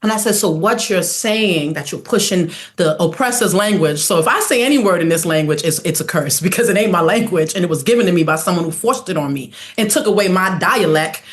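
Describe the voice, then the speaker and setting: A woman's voice: fairly low pitch, animated, quick pace, few pauses. A woman in her forties from New York City, a podcast guest talking in a casual, outspoken way. She laughs often and acts out other people's voices in her stories. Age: 40s.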